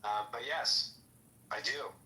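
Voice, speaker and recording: Blunt, profane man with a bright voice. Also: mid-range voice, slow pace. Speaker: podcast host. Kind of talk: casual political chat. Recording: echoey room with faint noise.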